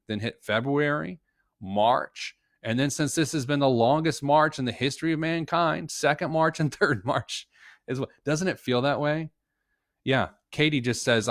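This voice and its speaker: A financial planner with a mid-range voice teaches a live budgeting session, walking viewers through a budget in a casual tutorial full of jokes, quick asides and restarts. The sound is dry and close with no echo, like a computer mic at a home desk.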